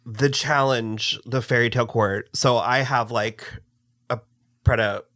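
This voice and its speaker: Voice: medium pitch, fairly even intonation, measured pace, a bit bright, dry recording, clean studio sound. A co-host in a casual reaction chat, talking enthusiastically and sometimes groping for words.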